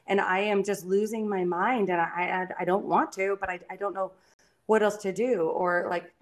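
A woman's voice: mid-range voice, fairly even intonation, normal speed. A young adult woman chatting candidly on a podcast, swearing freely and stumbling over restarts. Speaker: podcast co-host. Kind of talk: casual podcast chat.

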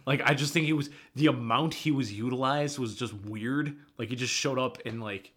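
A man with a husky, slightly breathy voice talks casually about a movie he loves. He sounds easygoing, with a mid-range pitch and offhand swearing. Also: normal speed, fairly bright tone. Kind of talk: casual movie commentary chat.

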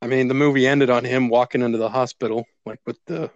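A man's voice: mid-range voice, steady tone, quick pace, dry recording, highs cut off. A man co-hosting a podcast, laughing often and casually agreeing while discussing a film. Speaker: podcast co-host. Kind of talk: casual movie review chat.

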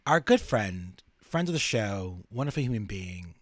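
Animated, jokey male podcast co-host. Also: on the low side, moderate pace, no echo, clean studio sound. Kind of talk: casual chat.

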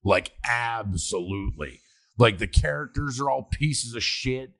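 A man's voice: medium pitch, a little slow, gravelly. A man hosting a podcast, chatting casually and profanely about a film and acting out its lines. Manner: profane, animated, acts out movie lines. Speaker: podcast host.

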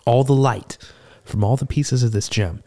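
A man playing a seasoned male tortle cleric, telling a rambling, animated, self-deprecating tavern tale in a tabletop game. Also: medium pitch, normal speed, natural voice. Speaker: player. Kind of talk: in-character tavern storytelling.

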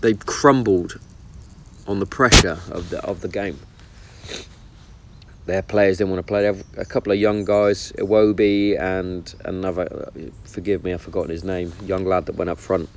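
A fairly low-pitched man talks in a loose, sweary, opinionated way about football. He's recording outdoors in the countryside, with birdsong and open-air ambience behind him. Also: fairly even intonation, normal speed, a little hiss or hum. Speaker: vlogger. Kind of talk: casual chat.

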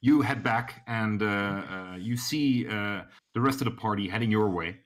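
A man's voice: fairly low pitch, normal speed. A man narrating a tabletop role-playing game as game master, hesitating often with many fillers and restarts.

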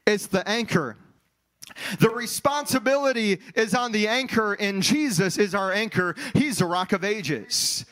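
Pastor, man, very high-pitched voice, sermon delivery with sing-song runs and shouted peaks. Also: expressive, a little slow, poor audio. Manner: preaching with rising sung cadences and shouts.

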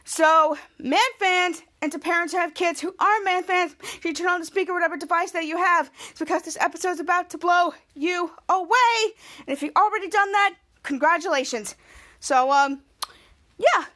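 High-voiced excitable woman podcast host. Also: normal speed. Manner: excitable, repetitive, frequent self-corrections. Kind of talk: casual episode recap.

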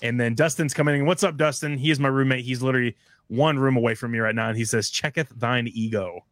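A man's voice: mid-range voice, steady tone, fast, dry recording. Easygoing man hosting, dry close sound. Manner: easygoing, relays viewer comments. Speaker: host. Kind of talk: casual live-stream chat.

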